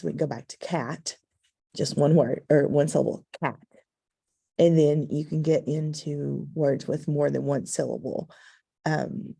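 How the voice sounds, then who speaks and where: A woman's voice: low-pitched, vocal fry, warm tone. A woman teacher explaining to parents, patient and instructive, with frequent ums. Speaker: second-grade teacher.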